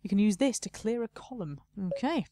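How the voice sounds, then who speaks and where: A woman's voice: medium pitch, lively intonation, a little fast, mellow, dry recording. A young woman casually commenting on her own gameplay, chatty and self-mocking, talking to herself as she plays. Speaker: let's play host.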